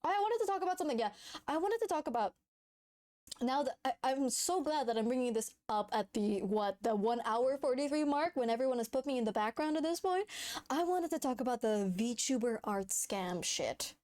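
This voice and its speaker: A woman's voice: fairly high pitch, lively intonation, moderate pace, darkish tone. A woman streaming live, chatting casually and playfully, laughing often and swearing freely. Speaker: VTuber streamer.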